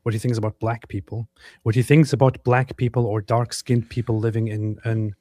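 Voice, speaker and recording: A man's voice: mid-range voice, flat delivery, brisk, darkish tone, no echo, clean studio sound. A man co-hosting a casual reaction show, talking in an emphatic, sarcastic way. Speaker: co-host.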